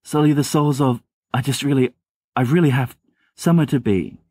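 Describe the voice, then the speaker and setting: A man's voice: mid-range voice, moderate pace, a little mellow, slightly rough, dry recording, pitched above the performer's own voice, natural voice. A man voicing a flustered teenage boy who babbles and pleads in a raised voice, in an amateur audiobook reading. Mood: panicked. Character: frantic, flustered teenage boy wizard Remus.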